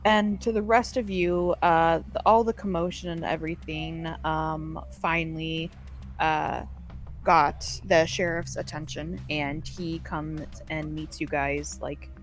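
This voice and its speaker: A woman's voice: low voice, level tone, takes it slowly, slight background noise. A woman narrating as game master of a tabletop game, in a loose, filler-heavy way. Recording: with faint background music.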